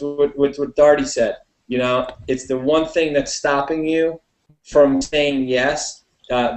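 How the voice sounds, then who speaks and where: Brief: man, mid-pitched, folksy motivational guest, roomy webcam sound. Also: darkish tone. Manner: rambling, halting, folksy. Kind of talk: motivational talk. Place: at home.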